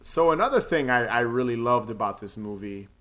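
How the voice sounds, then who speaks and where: A man's voice: mid-range voice, lively intonation, fairly quick, fairly bright tone. A young man co-hosting a casual movie-review chat, rambling and laughing often, with a lot of filler words. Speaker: podcast co-host reviewing a movie.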